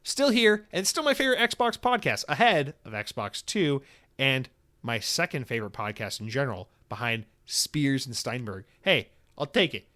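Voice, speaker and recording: A young man hosting a solo podcast, telling a story in a profane, excitable rant with sudden loud outbursts. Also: medium pitch, moderate pace. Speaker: podcast host.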